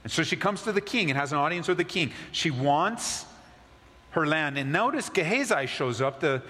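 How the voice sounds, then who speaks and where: Male pastor, slightly high voice, conversational sermon that sinks soft for emphasis, reverberant sanctuary. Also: lively intonation, moderate pace. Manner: conversational preaching, drops low and soft for emphasis.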